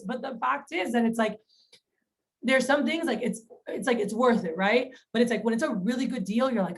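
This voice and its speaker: A woman's voice: a little high, fairly quick, poor audio. A woman giving a sales training talk in a chatty storytelling manner, retelling phone calls with quoted lines. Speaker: sales manager.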